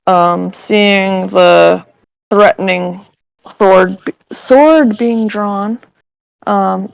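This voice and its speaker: A woman's voice: medium pitch, gravelly, no room sound, poor audio. A woman playing in a tabletop game, talking casually with a hesitant, filler-heavy manner. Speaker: player.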